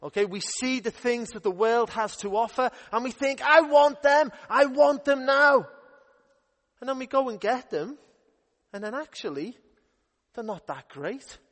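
A young man working as a youth minister, telling a Bible story to children in a playful, upbeat way. His voice sits fairly high for a man. The church hall around him adds a long, ringing reverb. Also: animated, moderate pace.

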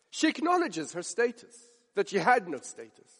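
Male preacher, high voice, emphatic and repetitive, long hall reverb. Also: big pitch swings, normal speed, a bit bright, slightly rough. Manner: emphatic, builds stakes with repetition and rhetorical questions. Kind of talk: sermon.

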